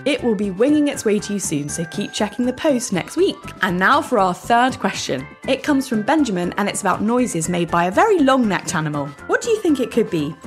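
With soft music behind her, a woman hosting a children's podcast reads her script in a lively way and often quizzes her young listeners. Her mid-range voice is brisk, with hardly any pauses.

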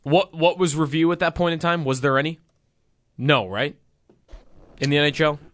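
A man co-hosting sports talk radio, talking things through in a musing way with quick agreements. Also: fairly high pitch, fairly even intonation, fairly bright tone, no room sound, clean studio sound.

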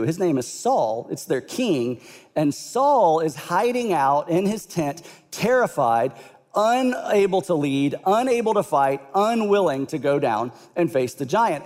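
A man preaching a sermon, telling the story in an animated, conversational way, with long hall reverb. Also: on the high side. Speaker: pastor.

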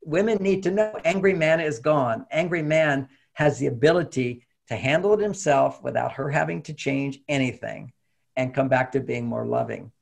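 Older man, gravelly, husky, animated, acts out quoted dialogue, relationship talk. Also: medium pitch, moderate pace. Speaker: relationship author guest. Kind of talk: casual interview talk.

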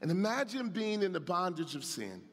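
Bright-voiced preacher in a reverberant hall. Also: male voice, sits high, moderate pace. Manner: animated preaching, calls out to the congregation; reads and comments on scripture. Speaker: pastor. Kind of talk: sermon. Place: church sanctuary. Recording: long reverb of a large hall.

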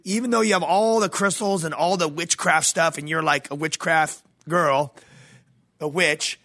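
A man hosts a podcast, reacting with enthusiasm and drifting into preachy reflection. His voice sits a bit high for a man. The sound is dry and close, with no room echo. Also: pushed and bright. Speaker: podcast host. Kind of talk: casual interview commentary.

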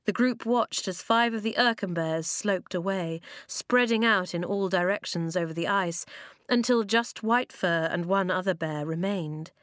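A woman with a fairly low voice reads a children's storybook aloud. Her telling is measured and she slows down for emphasis. The recording is close and dry. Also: fairly bright tone, no echo. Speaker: audiobook narrator. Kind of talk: storybook narration.

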